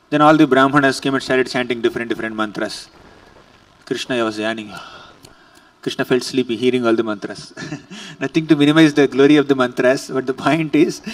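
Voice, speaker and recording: A man's voice: a little high, dry recording, recorded from a distance. A male preacher giving a devotional lecture, explaining scripture with chuckling asides.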